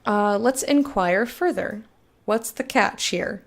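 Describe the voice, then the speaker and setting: A woman streaming a game reads its text aloud and chats frankly with viewers, swearing freely. Her mid-range voice carries vocal fry, and she takes things slowly in this casual let's-play.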